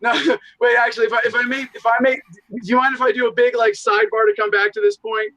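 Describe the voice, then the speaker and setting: A man in casual podcast conversation, talking in animated, profane, rambling asides. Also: very high-pitched, quick pace, dry recording, low-quality recording. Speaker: podcast guest, show host.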